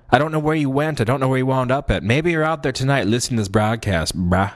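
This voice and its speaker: A young man hosts a broadcast and rambles through a comic story, breaking off into self-mocking asides. His voice sits at an ordinary, middling pitch. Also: animated, quick pace, hardly any pauses. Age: young adult. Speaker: podcast host.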